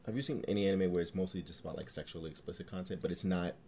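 Male co-host, very low voice, relaxed halting chat, faint background noise. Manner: relaxed, hesitant, lots of ums. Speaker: podcast co-host. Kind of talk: casual chat.

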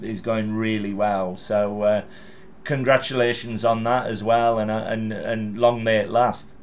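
A man's voice: fairly low pitch, little pitch movement, a little slow, slight background noise. Middle-aged man, podcast host, easygoing interviewer, lots of ums, encouraging tone. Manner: chatty, warm encouragement with frequent fillers. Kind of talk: casual interview.

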